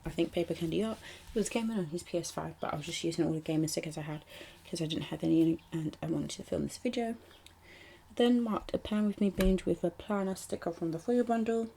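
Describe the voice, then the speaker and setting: A woman's voice: fairly low pitch, dark tone, slight background noise. A young British woman narrating her planner spreads in a chatty, rambling way, with ums and little asides. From United Kingdom. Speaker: planner vlogger. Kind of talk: casual voice-over narration.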